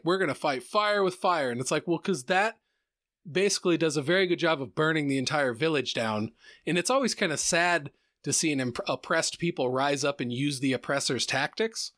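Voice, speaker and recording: A man's voice: a little high, fairly bright tone, no room sound, studio quality. A man in casual podcast conversation, thinking aloud reflectively with frequent restarts. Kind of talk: casual chat.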